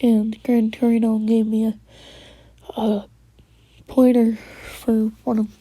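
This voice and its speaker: Slow, dry-sounding woman, slightly high voice, casual storyteller who drops into whispers. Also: level tone, warm tone, no room sound. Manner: rambling, quoting characters with "he's like". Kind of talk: casual fan story retelling.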